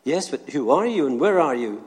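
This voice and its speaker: A man playing a panicked man hanging from a cliff branch, shouting and pleading for help, recorded in a church. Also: on the high side, very animated, normal speed. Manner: yelling desperately for help. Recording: long church reverb.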